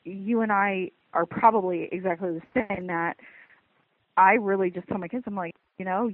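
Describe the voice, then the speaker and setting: A woman on a tinny, phone-like line, speaking earnestly and reassuringly as she gives advice. The sound is dry and close, with a mid-pitched voice. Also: normal speed, dry recording. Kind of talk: casual conversation.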